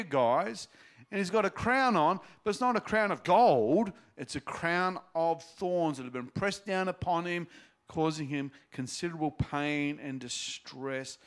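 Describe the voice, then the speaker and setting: A man's voice: a little high, a bit bright. A man reading a Bible passage aloud and breaking off into casual, explanatory teaching asides. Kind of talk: scripture reading with commentary.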